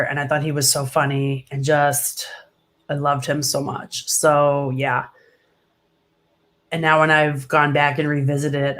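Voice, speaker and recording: A woman comedian chatting in an interview, gushing and enthusiastic, filling her talk with "like" and laughing often. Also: sits low. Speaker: comedian guest. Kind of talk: casual interview chat.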